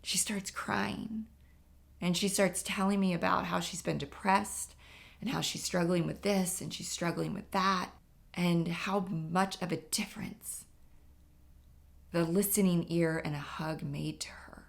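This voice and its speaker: A middle-aged woman talks through her own podcast in an earnest, emphatic way, often turning to her listeners directly. Her voice sits low, with a gravelly fry running through it. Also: steady tone, measured pace. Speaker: podcast host. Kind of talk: impromptu solo podcast talk.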